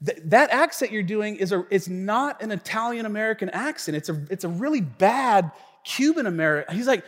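A man's voice: sits high, brisk. A male pastor telling a story in his sermon, acting out the lines of the people in it, recorded in a church. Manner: animated storytelling, acts out friend's lines. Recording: long reverb of a church hall.

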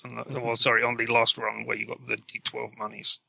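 A man's voice: medium pitch, completely flat delivery, gravelly, sharp tone, no room sound. A man narrating a tabletop role-playing game as game master, chatty and often correcting himself mid-sentence. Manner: chatty, self-correcting, quick to laugh.

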